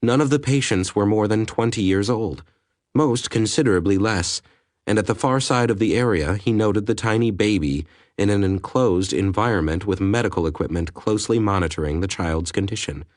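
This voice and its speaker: A man reading an audiobook aloud in a measured, even narration. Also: on the low side, no room sound, studio quality. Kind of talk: scripted narration.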